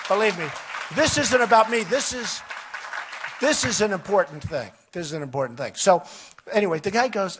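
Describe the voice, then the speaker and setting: A man's voice: sits high, a bit bright, slight background noise. An older man giving a rambling, repetitive campaign rally speech from a podium microphone, boasting in a conversational way. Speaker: political candidate. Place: outdoor or hall rally.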